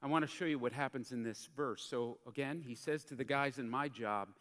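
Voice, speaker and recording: A man preaching a sermon as a pastor in a church, in a conversational, animated way that acts out the quotes he tells. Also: mid-range voice, fairly quick. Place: church sanctuary. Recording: church hall reverb.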